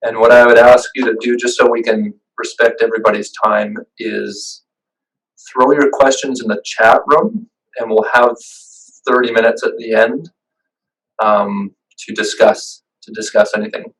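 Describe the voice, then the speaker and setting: A man talks casually through a webinar on a video call, his voice of middling pitch. He sits back from the microphone, so he sounds a little distant. His delivery is chatty and loose, full of fillers and restarts. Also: steady tone, measured pace, fairly bright tone. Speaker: business owner giving a webinar. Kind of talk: informal presentation over video call.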